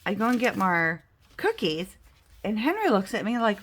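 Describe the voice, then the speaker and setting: A woman vlogging at home, telling a self-mocking story in a chatty, animated way while playing a game. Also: medium pitch, normal speed. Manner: chatty, self-mocking, animated storyteller who acts out the other people's lines. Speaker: budget and game-night vlogger.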